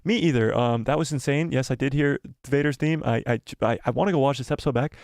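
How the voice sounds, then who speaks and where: An excited man hosts a live stream and reacts to chat, breathless and repeating himself. His voice sits in an ordinary middle pitch. The sound is dry and close, with no room echo. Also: fast. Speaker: host of a live watch party stream.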